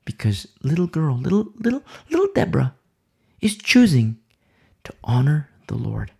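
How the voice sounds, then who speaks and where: A man preaching a Bible sermon with passion, dropping to hushed asides and repeating phrases for effect. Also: fairly high pitch, sing-song, normal speed, vocal fry, husky. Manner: impassioned, swings between loud emphasis and hushed asides.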